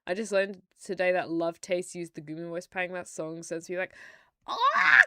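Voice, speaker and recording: Giggly young British woman streamer, crisp dry mic. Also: lowish voice, level tone, brisk, no room sound. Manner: giggly, rambling, chatty with frequent laughs and restarts. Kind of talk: casual live-stream chat and game text reading.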